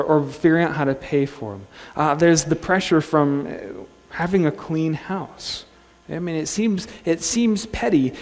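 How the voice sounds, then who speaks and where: A male pastor preaching a sermon in a relaxed, conversational way, joking and restarting his phrases. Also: a little high. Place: church sanctuary. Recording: long church-hall reverb.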